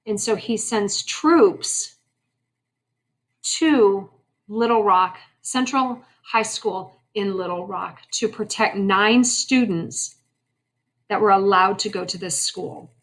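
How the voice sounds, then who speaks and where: A woman's voice: medium pitch, slow. A woman teaching a history lesson in a conversational way, asking her class questions and making wry asides. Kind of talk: classroom lecture.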